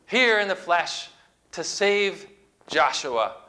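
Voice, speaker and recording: A man's voice: on the high side, animated, unhurried, sharp tone. A man preaching a sermon, retelling scripture with dramatic, emphatic storytelling.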